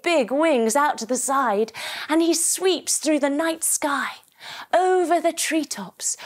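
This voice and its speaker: A woman leading a children's yoga story, telling it in an animated way with playful sound effects. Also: high voice, takes it slowly. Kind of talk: guided kids' yoga story.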